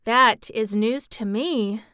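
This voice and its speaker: A woman's voice: a little high, animated, measured pace, a bit bright, smooth, no echo, clean studio sound. A woman voicing an eager, earnest young girl in a storybook reading, talking in an insistent way.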